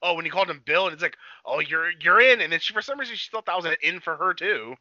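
A man's voice: a little high, very fast, dry recording, dull audio. A man co-hosting a casual podcast about a movie, swearing freely and acting out lines from scenes. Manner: animated, swearing, acts out quotes. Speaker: podcast co-host.

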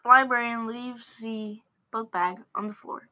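Slow-talking bright young woman. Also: a little high, steady tone. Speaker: podcast co-host. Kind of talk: casual recap chat.

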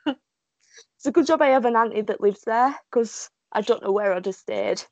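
A woman's voice: on the high side, normal speed. Giggly British woman gushing as a fan. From United Kingdom. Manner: gushing, giggly, animated storytelling. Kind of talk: casual chat.

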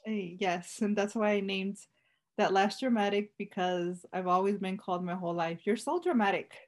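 A woman's voice: medium pitch, flat delivery, normal speed. A woman guest on a podcast, a business owner and mother, talking in a casual, chatty way with many "like"s. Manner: casual, says "like" a lot, warm chatty storytelling. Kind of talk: casual interview chat.

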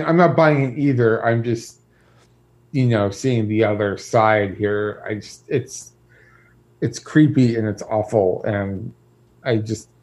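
A man's voice: mid-range voice, a little mellow. A man co-hosting a casual chat, easygoing and agreeable. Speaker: podcast co-host.

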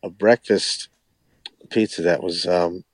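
A man, a musician guest on a podcast, chatting casually in a relaxed, rambling way with lots of hedging. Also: low-pitched, slow pace, no room sound. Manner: relaxed, rambling, hedges a lot. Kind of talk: casual chat.

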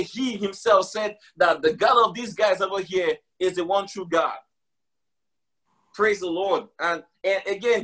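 Man, preaching live, emphatic and repetitive, husky edge, high voice. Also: pushed and bright. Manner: emphatic, repeats key phrases, calls out "y'all".

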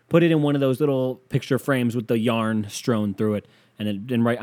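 A man's voice: on the low side, quick pace, darkish tone. A young man hosting his own podcast alone, rambling casually with profanity and sarcastic rants into a desk microphone. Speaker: podcast host. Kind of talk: casual solo podcast monologue. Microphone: desk microphone with pop filter.

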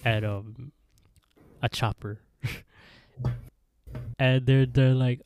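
Laid-back man with a mellow, dry voice. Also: medium pitch, clean tone, no echo. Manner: animated retelling, acts out lines in quick voices. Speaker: podcast co-host. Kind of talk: casual recap of a horror episode.

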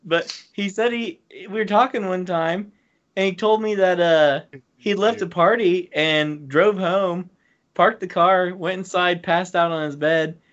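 A man with a notably high voice retells a friend's misadventure, chuckling through it. His delivery is loose and casual, and the audio is muffled and lo-fi. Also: steady tone, unhurried, a bit bright. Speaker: podcast co-host. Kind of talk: casual storytelling among friends.

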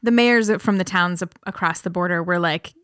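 A woman's voice: fairly low pitch, normal speed, a bit bright, clean tone, no echo, clean studio sound. A woman from Minnesota co-hosting a podcast, telling a light news story in casual chat and laughing often. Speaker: podcast co-host.

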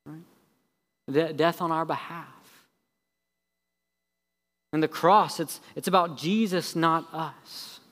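A male pastor preaching a sermon. He shifts between quick, heavy sarcasm and slow, low emphasis on his key points. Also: fairly even intonation, a bit bright, big-room sound. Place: church sanctuary.

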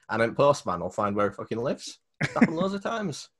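A man's voice: mid-range voice, a little fast. A man in casual podcast banter who tells stories and swears freely. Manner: swears freely, lively storytelling. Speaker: podcast co-host. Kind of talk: casual chat.

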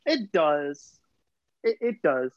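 A young man co-hosting a casual podcast, ribbing his friends in quick back-and-forth. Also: a little high, sing-song, no echo. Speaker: podcast co-host. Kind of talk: casual chat. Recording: dull dry podcast mic.

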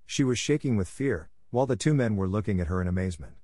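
A man narrating a children's novel aloud in steady storytelling fashion. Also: on the low side, quick pace, dry recording, clean studio sound. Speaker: audiobook narrator.

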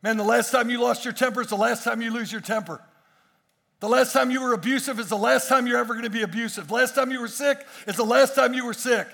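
A man's voice: very high-pitched, fairly even intonation, fast, creaky, fairly bright tone. A male pastor preaching a sermon with emphatic, repeated phrases.

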